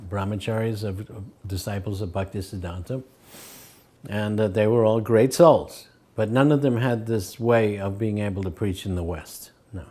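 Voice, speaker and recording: An older man recalling his spiritual teacher in a relaxed storytelling way, acting out the voices in his stories. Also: lowish voice, normal speed. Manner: acts out quoted voices, chuckles between stories. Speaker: devotee recalling memories. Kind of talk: anecdotal storytelling.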